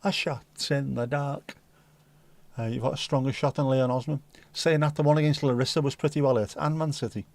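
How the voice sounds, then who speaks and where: A man's voice: medium pitch, quick pace, a little mellow, dry recording. Dry-humoured man rambling on a livestream. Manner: dry, rambling banter, slips into silly voices. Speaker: livestream host. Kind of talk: casual chat reading viewer comments.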